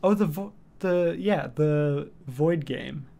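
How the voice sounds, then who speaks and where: A man streaming from home in casual chat, rambling with lots of fillers and cooing softly at his cat. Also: on the high side, slow, creaky.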